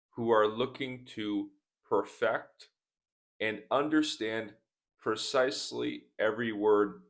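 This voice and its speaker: A male English teacher talks to the camera from his desk at an unhurried crawl, each word set apart. His voice sits on the low side. He keeps stopping to repeat single words so learners can catch the pronunciation. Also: a bit bright. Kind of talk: slow, deliberate teaching talk. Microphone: speaking to camera at a desk.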